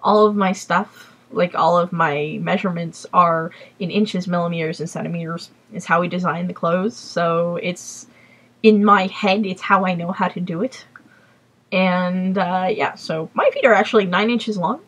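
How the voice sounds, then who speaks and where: A woman's voice: lowish voice, fairly even intonation, normal speed, a bit bright. Chatty woman hosting a casual podcast. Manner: chatty, rambling, apologetic asides. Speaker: podcast host. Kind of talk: casual chat.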